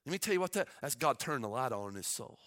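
A male pastor preaching a sermon, moving between quiet storytelling and loud, shouted exhortation. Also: medium pitch, very animated, very fast, no echo, clean studio sound.

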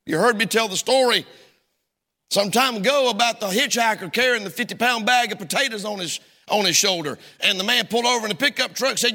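A preacher delivers his sermon in a high, sharply bright voice. He swings his pitch all over the place and punches out shouted lines. A long reverb from the church sanctuary trails behind him. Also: quick pace, vocal fry. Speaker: pastor.

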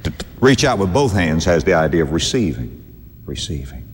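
A male preacher delivering a fervent sermon, his voice leaping from quiet, low asides to ringing high exclamations. He chuckles between points and calls his listeners dear friend. His words trail off into the long reverb of a large hall. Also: sing-song, moderate pace.

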